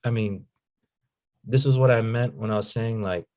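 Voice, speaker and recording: Guy telling a story in an interview, kinda low voice, slangy and animated, says man a lot. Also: normal speed. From United States. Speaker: guest, nonprofit founder.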